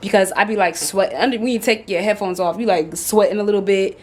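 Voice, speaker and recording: A lifestyle vlogger in her twenties chats casually and animatedly, saying "like" constantly as she drives and later heads out on a walk. Her voice is mid-range and fast.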